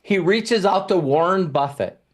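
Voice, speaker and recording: A man's voice: sits high, expressive, a little slow. A middle-aged man hosting a podcast, telling a long story in casual, profane chat. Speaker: podcast host.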